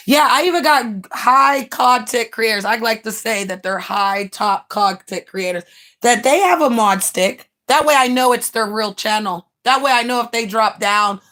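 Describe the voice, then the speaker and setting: A woman's voice: a little high, normal speed, fairly bright tone. A woman from the United States, livestreaming in blunt, brash and mocking casual chat.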